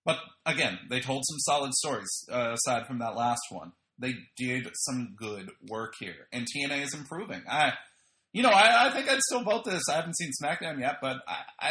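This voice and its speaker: A man hosting a wrestling podcast gives a casual, opinionated review monologue packed with slang and fillers. His mid-range voice sounds pushed and bright in a reverberant space.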